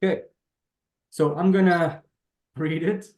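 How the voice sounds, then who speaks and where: A man teaching a beginner language class over a video call, patiently explaining each step and sounding out words slowly. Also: fairly high pitch, steady tone, a little mellow, reverberant. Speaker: Hebrew teacher.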